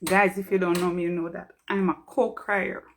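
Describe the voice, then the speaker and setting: A woman's voice: fairly low pitch, little pitch movement, normal speed. A woman from Jamaica, a pharmacist giving an earnest, heartfelt motivational talk on a live stream.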